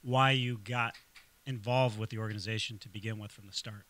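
A man's voice: lowish voice, steady tone, fairly quick, bright, forceful tone. A man asking a long, rambling question on a sports podcast. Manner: rambling, searching for words. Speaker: caller.

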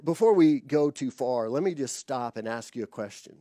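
A man's voice: medium pitch, expressive, moderate pace, few pauses, warm tone, no room sound, studio quality. A man preaching a conversational sermon, laughing now and then and acting out quoted dialogue. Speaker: pastor.

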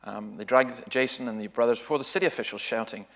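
This man, a guest speaker with a Scottish accent, talks quickly in a mid-range, slightly bright voice during an informal church teaching session. He's a conversational, humorous storyteller who frequently revises what he's saying mid-sentence.

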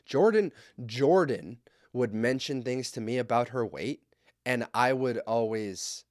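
A man's voice: medium pitch, measured pace, a little mellow, dry recording, clean studio sound. A young man co-hosting a casual podcast, reading out listener letters and ranting about them in a heated, sarcastic, heavily profane way. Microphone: studio podcast mic.

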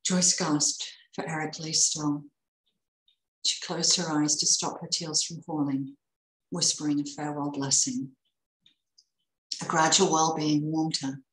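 A woman reading a Christmas story aloud in a measured, expressive way. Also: deep voice, echoey room, poor audio.

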